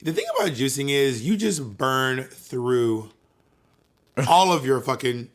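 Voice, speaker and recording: A man co-hosting a podcast, chatting casually and telling stories in an animated, playful way, swearing freely. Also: medium pitch, takes it slowly. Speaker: podcast co-host. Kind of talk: casual chat.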